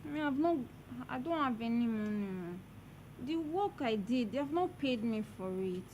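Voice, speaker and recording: A Nigerian young woman with a lively, high voice soothes and pleads patiently, as a woman acts her. Background noise sits clearly behind her. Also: moderate pace, natural voice. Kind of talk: amateur skit acting.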